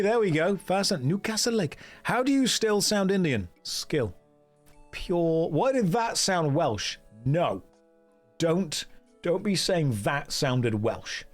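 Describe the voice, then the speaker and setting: A man streaming a game, chatting casually, joking and reading chat aloud. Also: a little high. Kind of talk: casual gameplay commentary.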